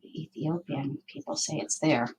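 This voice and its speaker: A woman's voice: sits low, moderate pace, a little mellow, a little hiss or hum, low-quality recording. A woman hosting a crafting livestream, chatting casually and thinking aloud as she works. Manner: chatty, thinking aloud while working, with asides and laughs.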